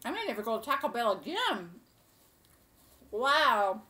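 A woman's voice: a little high, big pitch swings, measured pace, sharp tone. A woman hosting a casual cooking show, chatting to camera in a gushing, rambling way.

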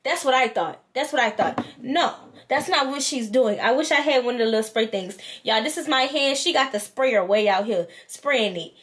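Woman, vlogger, storytime, animated, higher-pitched voice. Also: moderate pace, few pauses. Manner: animated, acts out both sides of the story. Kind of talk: storytime vlog.

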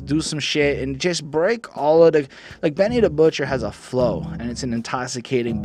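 A man hosting a podcast, giving a casual, enthusiastic track-by-track album review and swearing freely. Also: medium pitch. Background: rap beat playing.

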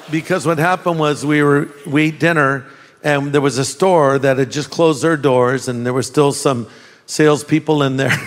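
Emphatic older man preaching, hall reverb. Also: fairly high pitch. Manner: folksy storytelling with laughs and emphatic repetition. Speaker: pastor. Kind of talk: sermon.

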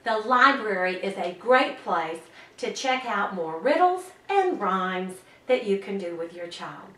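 A woman giving gentle, encouraging instructions to parents on activities to do with their children. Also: medium pitch, expressive. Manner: slow, gentle, encouraging explaining. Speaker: parent educator host. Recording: echoey room, distant mic.

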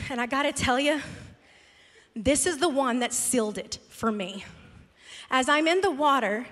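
Animated high-voiced woman pastor preaching. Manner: animated, self-mocking storytelling. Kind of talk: storytelling sermon. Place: church sanctuary. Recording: large hall with long reverb.

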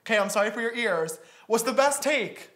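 A young man with a bright, lively voice mocks his old videos with sassy reactions. He is recorded in an echoey room. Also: extremely high pitch, brisk. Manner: sassy, mocking, with lots of laughing. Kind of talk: reaction commentary.

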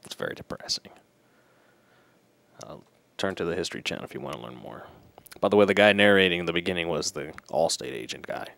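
Deep-voiced sarcastic gamer man. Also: fast talker, gravelly, fairly bright tone. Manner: sarcastic, offhand remarks. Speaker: let's play commentator. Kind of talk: casual gameplay commentary. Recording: heavy background noise.

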